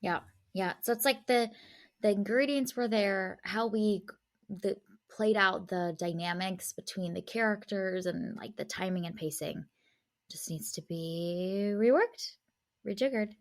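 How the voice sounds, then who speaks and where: A woman's voice: medium pitch, a little slow. A woman co-hosting a film podcast, chatting casually, laughing often and reading the show's sign-off. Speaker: podcast co-host. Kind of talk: casual chat.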